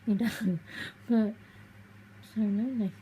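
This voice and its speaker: A woman vlogging to camera, tearful and halting as she speaks openly about her feelings. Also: medium pitch, steady tone, warm tone, a little hiss or hum, rough recording. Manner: halting, emotional, confessional. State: tearful, crying. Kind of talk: personal vlog talking to camera.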